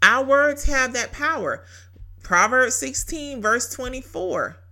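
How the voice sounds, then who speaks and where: A woman hosts a casual devotional talk in a bright, somewhat high voice. She tells her story in an animated way, laughing often and repeating key phrases for emphasis. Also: slow. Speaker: podcast host.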